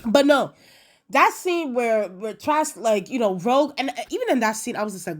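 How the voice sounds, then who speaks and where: Chatty higher-voiced woman reviewer. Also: moderate pace. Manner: animated, acts out quotes; chatty, many fillers. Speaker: video reviewer. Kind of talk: casual episode review.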